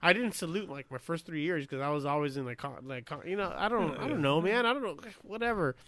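Bright-voiced man swapping rowdy war stories. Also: a little high, expressive, fast talker, no echo. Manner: profane, laughing, acts out quotes loudly. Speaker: veteran telling war stories. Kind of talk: casual storytelling chat.

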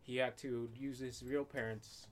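A man in casual conversation who speaks haltingly, with many fillers and restarts. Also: mid-range voice, level tone. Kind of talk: casual chat.

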